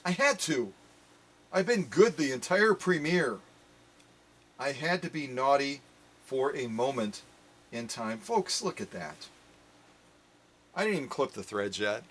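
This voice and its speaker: A man's voice: mid-range voice, big pitch swings, unhurried, pauses often, fairly bright tone, breathy edge. A man hosting a live premiere sewing demo, talking playfully to viewers as folks. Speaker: sewing machine restorer.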